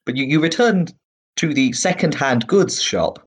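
A man narrating as game master in a relaxed, rambling way with many fillers. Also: a little high, normal speed, husky.

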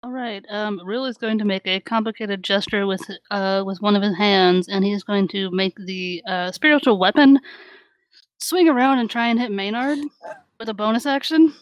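A woman's voice: medium pitch, fairly even intonation, normal speed, smooth, dry recording, rough recording. A woman player in a tabletop game, chatty and laughing often. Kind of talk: casual tabletop game play.

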